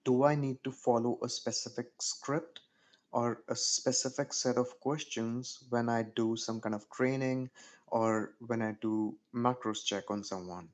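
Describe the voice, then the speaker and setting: A man asking questions during an online training meeting. He speaks carefully and apologetically and rephrases himself to be clear. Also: medium pitch, steady tone, a little slow. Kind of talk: casual meeting talk.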